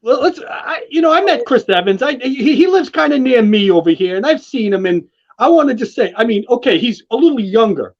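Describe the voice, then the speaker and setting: A podcast host asking rambling, halting questions in an interview. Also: medium pitch, animated. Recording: dull lo-fi audio.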